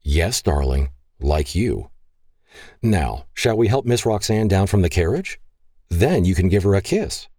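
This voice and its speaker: A man doing a rugged, gentle cowboy father. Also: low-pitched, sing-song, unhurried, dry recording, clean studio sound, full character voice.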